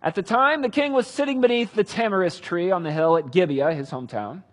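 A man retelling a Bible story with casual, animated commentary. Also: high voice, a little fast. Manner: animated, conversational. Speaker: Bible teacher.

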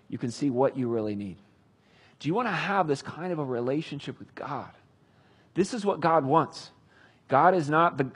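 A man preaching a sermon, earnest and swinging between loud emphasis and hushed tenderness. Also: medium pitch, husky. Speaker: pastor.

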